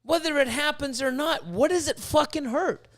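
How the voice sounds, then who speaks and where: A man hosting a podcast, chatting casually in a rambling, profane and animated way. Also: very high-pitched, moderate pace. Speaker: podcast host.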